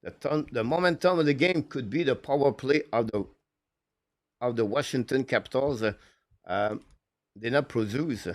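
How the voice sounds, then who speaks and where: Fast, clipped male amateur hockey caller. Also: mid-range voice, no room sound, clean studio sound. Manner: rapid, clipped, broken phrasing; eager, apologetic asides. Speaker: fan play-by-play commentator. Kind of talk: live amateur hockey commentary. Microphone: headphones with mic.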